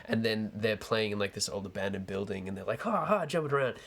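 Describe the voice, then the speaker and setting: A man's voice: on the low side, quick pace, creaky. A young man co-hosting a casual podcast chat, opinionated and swearing freely. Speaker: podcast co-host.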